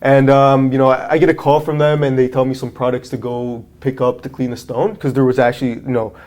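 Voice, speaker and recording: A franchise owner in his twenties, appearing as a guest on an interview podcast, tells a work story in a brisk, mid-range voice. He's casual and animated, acting out the people involved and raising his voice for their quotes.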